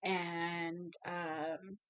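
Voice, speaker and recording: A woman's voice: lowish voice, flat delivery, extremely slow, a bit bright. A woman co-hosting a podcast, chatting casually about a movie, swearing freely and finishing her co-host's sentences. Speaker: podcast co-host.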